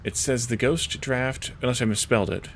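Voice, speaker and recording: A man's voice: medium pitch, steady tone, normal speed, a little hiss or hum. A man streaming a video game, chatting casually with viewers and thinking aloud as he plays. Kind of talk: casual let's-play commentary.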